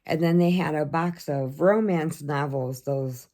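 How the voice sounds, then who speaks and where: Middle-aged American woman, low-pitched, chatty storyteller with frequent laughs. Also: unhurried, mellow. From United States. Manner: chatty storyteller, laughs often, acts out quotes. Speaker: vlogger. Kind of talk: casual chat.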